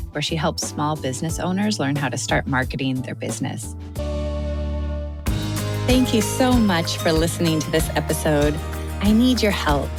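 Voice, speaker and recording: A woman host reading scripted narration in a clear, measured way. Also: deep voice. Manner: clear and measured, spells things out. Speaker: podcast host.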